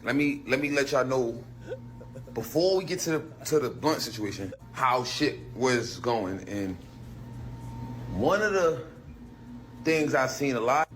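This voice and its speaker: A man's voice: medium pitch, noisy background. A man recounting events in a slangy, rambling storytime manner.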